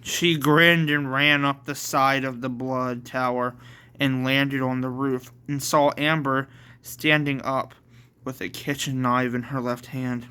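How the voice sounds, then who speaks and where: Slow, bright-voiced male storyteller. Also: medium pitch, little pitch movement, smooth. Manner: slow and plain, with self-corrections. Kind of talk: reading a homemade story aloud.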